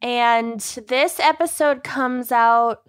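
A woman's voice: fairly high pitch, slow, clear, resonant tone, dry recording, clean studio sound. A woman from Minnesota co-hosting a podcast, frank and blunt, swearing casually. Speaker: podcast co-host. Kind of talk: casual chat.

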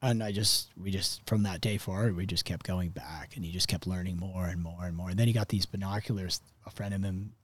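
A surfer telling a story in a rambling, casual way, cutting himself off mid-sentence and swearing now and then. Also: male voice, low-pitched, steady tone, brisk, few pauses, husky.

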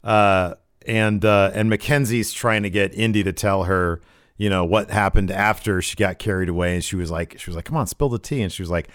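Guy gushing about wrestling on a stream, lowish voice, dead dry mic. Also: level tone, fairly quick, a bit bright, clean tone, no room sound. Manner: enthusiastic, rambling with restarts and frequent agreement sounds. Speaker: co-host. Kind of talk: casual wrestling chat on a livestream.

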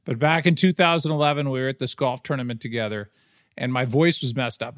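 A man co-hosting a podcast, telling a story quickly with bursts of laughter. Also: medium pitch, no room sound. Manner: quick, laughing anecdote-teller. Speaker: podcast co-host. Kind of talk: casual chat, storytelling.

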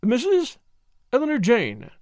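A man's voice: very high-pitched, huge pitch swings, measured pace, darkish tone, no echo, clean studio sound, voice pushed up, heavily acted. A man voicing a slatternly woman servant in a storybook reading, with terse, blunt replies.

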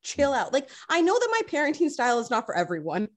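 A woman in her forties hosts a casual parenting talk show. She tells stories animatedly and plays out each quoted line. Her voice sits fairly high and swoops widely in pitch. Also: fast. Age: 40s. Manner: animated storyteller, acts out quotes. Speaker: host. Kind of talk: casual chat.

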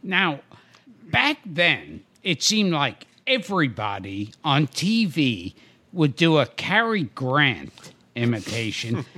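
A man's voice: on the high side, sharp tone. A man hosting a podcast, asking his guest questions in a leisurely, enthusiastic manner. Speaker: podcast host. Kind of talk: conversational interview.

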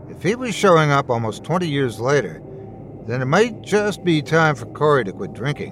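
Man, horror story narrator, expressive storytelling, lively intonation, faint noise. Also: mid-range voice, moderate pace.

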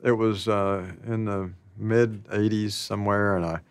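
A man telling stories about his past in a slow, rambling, casual way, laughing often. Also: fairly low pitch, little pitch movement, smooth, no echo, clean studio sound. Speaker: interviewee. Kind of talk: casual storytelling.

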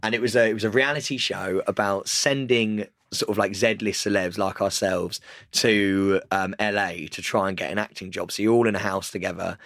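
A man co-hosting a podcast, telling animated stories in casual chat and laughing his way through his anecdotes. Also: lowish voice, normal speed, no room sound, studio quality. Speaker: podcast co-host.

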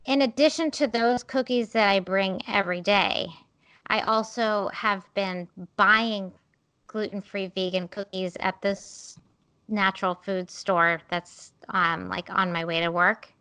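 A woman's voice: mid-range voice, steady tone, a little slow, pushed and bright, clean tone. A woman in her thirties co-hosting a podcast, telling rambling, self-deprecating stories in casual chat with many fillers. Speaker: podcast co-host.

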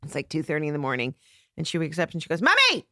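A middle-aged woman, a comedian on a podcast, telling stories in an animated way and acting out the voices in them. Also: deep voice, racing, no room sound, clean studio sound. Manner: animated storyteller, acts out voices. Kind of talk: casual storytelling chat.

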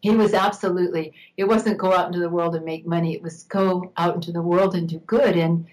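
An older woman, an interview guest, telling a personal story in a reflective, unhurried way, laughing now and then. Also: fairly low pitch, fairly even intonation, a little mellow, rough recording.

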